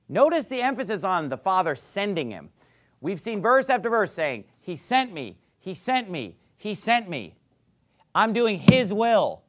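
A man, a pastor, preaching a sermon and reading scripture aloud. He talks emphatically, repeats his points, and builds to loud peaks. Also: on the high side, very animated, normal speed. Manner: reads scripture aloud in King James wording.

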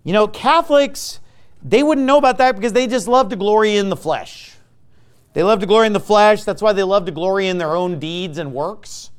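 Male pastor, high voice, combative and mocking sermon delivery. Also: moderate pace, clean tone. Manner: lively, swings between loud and quiet.

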